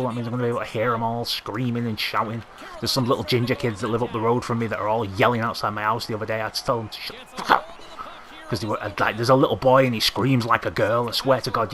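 A young man commentating live on his own gameplay, excitable, swearing and yelling at the game. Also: mid-range voice. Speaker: gaming commentator.

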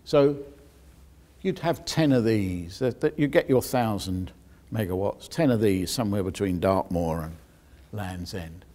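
Guy with a lowish voice doing a public science talk, explains step by step, dry little jokes. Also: measured pace, mellow. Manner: explanatory, with dry asides to the audience. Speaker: geoscientist giving a public lecture.

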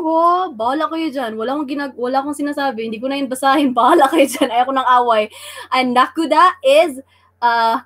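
A Filipino woman with a high, light voice leads a casual livestream lesson, drilling each word over and over. She keeps it chatty and playful, teasing her viewers between repetitions. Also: fairly bright tone. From Davao City, Philippines. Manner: repeats words drilling vocabulary, playful teasing of chat. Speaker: livestream language teacher. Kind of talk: casual live-stream lesson mixing English and Tagalog.

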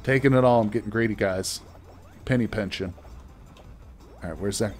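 A man's voice: fairly low pitch, normal speed, faint music behind. A man giving casual, chatty gameplay commentary as a let's play host, joking with his viewers as he plays.

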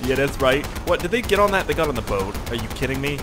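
A young man casually commenting on his gameplay with excitable, profane wisecracks. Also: mid-range voice, fast, few pauses, background noise. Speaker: gaming channel host. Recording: loud gunfire and game audio behind. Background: game gunfire and explosions.

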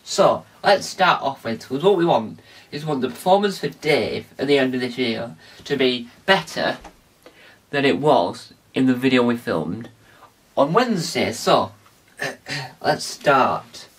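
A man's voice: mid-range voice, lively intonation, a little slow, slightly rough, recorded from a distance. A man hosting a casual tutorial vlog, rambling and restarting with many fillers. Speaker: video host.

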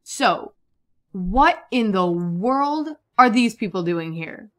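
A woman giving casual, chatty commentary over a life-simulation game, excitable and prone to repeating herself. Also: mid-range voice, slow pace. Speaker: gaming YouTuber. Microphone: desktop USB microphone.

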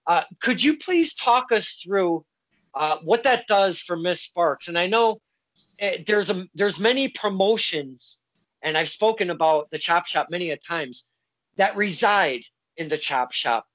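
A man's voice: sits high, animated, a little slow, fairly bright tone, dry recording, low-quality recording. A man hosting a casual interview, speaking politely with frequent stumbles and restarts. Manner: hesitant, stumbling, polite phrasing. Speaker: interview host.

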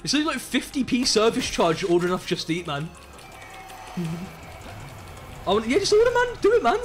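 High, lively young Birmingham streamer. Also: male voice, moderate pace, faint music behind. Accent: Birmingham English. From Birmingham, England. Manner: excitable, slangy, many hums of agreement. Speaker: live streamer. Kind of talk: casual gaming stream chat.

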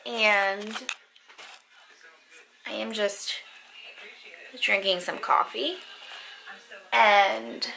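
A woman's voice: mid-range voice, vocal fry, bright, forceful tone, a little hiss or hum, poor audio. A woman in her twenties chatting casually to camera at home in a vlog, filling her talk with "like" and "um". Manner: chatty, filler-heavy, says "like" a lot. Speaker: lifestyle vlogger and young mother.

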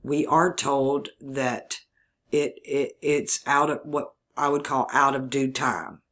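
A man from Mississippi with a Southern drawl hosts a video channel, rambling through a solo monologue as he thinks aloud and spells words out letter by letter. His voice sits in the mid-range, fairly bright, with a level tone and a slow pace.

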